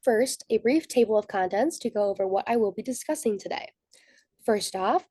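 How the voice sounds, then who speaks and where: Young woman student presenter, mellow tone, dry close sound, reads prepared slide notes in order. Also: medium pitch, no echo.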